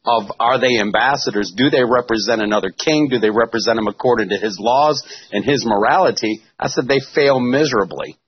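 A man's voice: mid-range voice, a little fast, hardly any pauses, husky. A male pastor talking on a studio show, earnestly recounting what he preached. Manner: earnest, recounts his own sermon. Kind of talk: casual studio talk. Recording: dull lo-fi sound.

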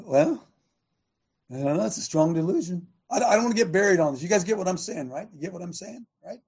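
Gravelly high-voiced male preacher. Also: darkish tone. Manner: emphatic, fires repeated rhetorical questions; halting, with frequent restarts and asides. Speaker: host of a religious broadcast. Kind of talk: preaching with scripture reading.

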